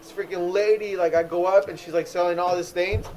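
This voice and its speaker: A man's voice: high-pitched, brisk, noisy background. A young man co-hosting a podcast, joking and telling stories in casual chat. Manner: storytelling, joking, animated. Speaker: podcast co-host.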